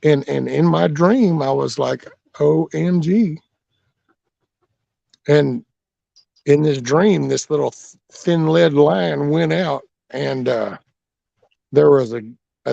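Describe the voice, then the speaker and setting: A man's voice: medium pitch, steady tone, takes it slowly, vocal fry, darkish tone, no room sound. A man hosting a backyard chicken vlog, telling rambling, jokey stories in casual chat and swearing freely. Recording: dull lo-fi dry audio.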